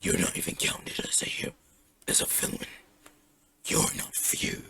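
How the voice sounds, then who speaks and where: A man voicing a hulking, menacing male villain fused with a symbiote, in a deep, breathy, threatening growl. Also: moderate pace, pushed and bright, lightly acted. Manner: threatening, intimidating.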